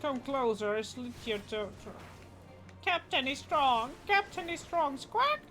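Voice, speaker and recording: Woman doing a shrill squawking pirate parrot. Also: expressive, measured pace, a bit bright, soft background music. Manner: shrill squawks, repeats short phrases.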